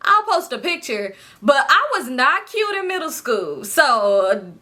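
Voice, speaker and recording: A woman's voice: high-pitched, very animated, unhurried, sharp tone. A woman in her late twenties telling a personal story in a casual vlog, blunt and profane, with joking asides. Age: late 20s. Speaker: storytime vlogger.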